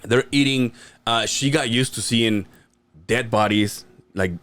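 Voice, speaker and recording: A man's voice: medium pitch, measured pace, clear, resonant tone. A man in his late thirties co-hosting a podcast, telling stories in a casual, swearing way. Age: 30s. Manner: animated, swearing, laughing storyteller. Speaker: podcast co-host. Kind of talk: casual chat.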